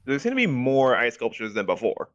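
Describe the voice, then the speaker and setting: A man playing in a tabletop game, asking quick questions, heard through a slightly dull, lo-fi mic. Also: medium pitch, wildly swooping pitch, fairly bright tone, no room sound. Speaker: player. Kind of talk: casual tabletop game chat.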